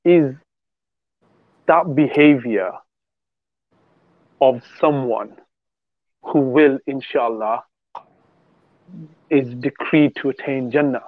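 A man's voice: mid-range voice, slow pace, pauses often, no echo. Man, rambling storyteller, dry tinny phone-like sound. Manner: rambling storyteller with many restarts. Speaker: podcast co-host. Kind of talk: casual religious discussion.

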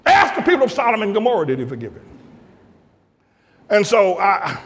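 An older man preaching a fiery sermon as pastor, breaking into laughter and shouting at the high points. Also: wildly swooping pitch, a little fast. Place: large church hall. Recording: echoey church hall.

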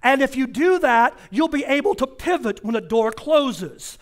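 A male pastor preaching a sermon in a church, driving points home with repeated phrases and slowing down to stress key words. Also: very high-pitched, lively intonation. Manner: emphatic repetition, slows down for stress. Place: church sanctuary.

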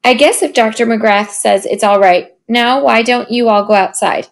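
A woman reading a calm firm mother. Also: fairly high pitch, normal speed, creaky. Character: patient mother, firm referee of boys.

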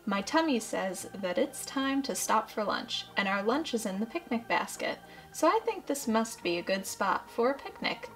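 Woman reading as a gentle, slow-witted bear in a storybook, speaking softly and unhurriedly. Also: a little high, very animated, faint music behind. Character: slow, simple-minded gentle male bear.

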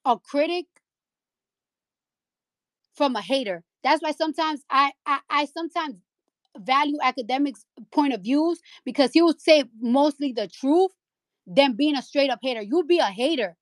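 On a live stream she hosts, a rapper in an audio chat room delivers an angry, profane tirade, hammering lines by repeating them into her phone mic. Her high voice is animated but moves at normal speed. No room sound is audible.

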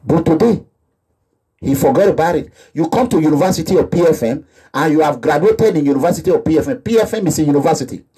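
A man's voice: a little high, fast talker, warm tone, breathy edge. A man with a Nigerian accent delivering an impassioned, repetitive monologue that slips into pidgin phrases. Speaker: activist vlogger. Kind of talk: animated monologue.

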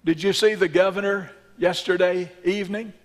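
A man's voice: high voice, fairly even intonation, moderate pace. A male preacher playing a matter-of-fact prison warden who speaks plainly and firmly. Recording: long reverb in a church sanctuary.

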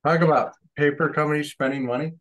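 A man's voice: a little high, steady tone, fast, fairly bright tone. A man chatting casually on a video call while painting, rambling and correcting himself. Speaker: artist painting during a group session.

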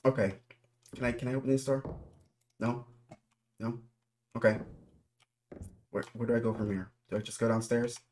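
A gaming YouTuber gives nervous running commentary while playing a horror game, talking straight to his viewers. His medium-pitched voice has fairly even intonation, a moderate pace, frequent pauses and a darkish tone, with slight background noise.

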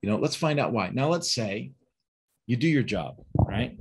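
An animated male trainer with a medium pitch and breathy edge teaches sales and service in a webinar at a moderate pace. He coaches staff directly, raises rhetorical questions and dramatizes phone calls using quoted voices.

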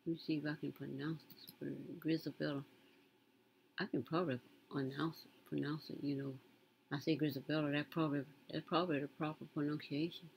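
A woman's voice: sits low, level tone, fairly quick, gravelly, a little hiss or hum, low-quality recording. A woman, casually commenting on a news story as she browses, muttering to herself and reading aloud with emphasis. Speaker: content creator reading news.

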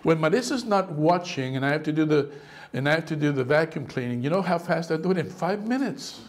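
A man with a high voice preaches a sermon from the pulpit. He is animated, sliding into quoted voices and exclaiming as he makes his points. He sounds middle-aged. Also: fairly quick. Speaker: pastor.

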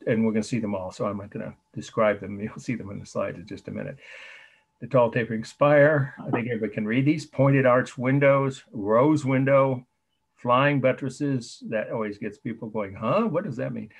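A man lecturing on art history over a video call, slowly spelling out terms and repeating key points. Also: mid-range voice, breathy edge. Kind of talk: online lecture.

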